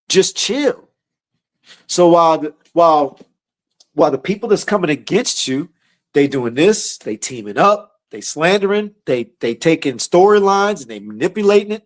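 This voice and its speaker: A man teaching scripture in a casual, slangy sermon style, often repeating and restarting his words. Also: fairly high pitch. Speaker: teacher leading a scripture study.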